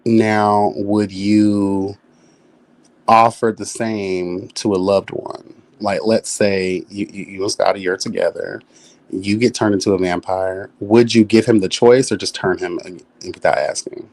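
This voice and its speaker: A man's voice: fairly low pitch, steady tone, a little slow, a little mellow. Sassy man co-hosting a livestream chat. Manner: sassy, playful, calls people child and honey. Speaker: livestream co-host. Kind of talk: casual commentary chat. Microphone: streaming mic.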